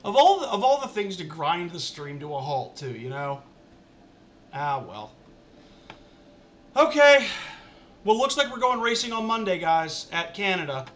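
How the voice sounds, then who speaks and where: A man's voice: high voice, big pitch swings, measured pace, pauses often, fairly bright tone. A man streaming a racing management game, talking casually to his chat in an exasperated, ranting way and repeating himself. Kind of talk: casual live-stream commentary.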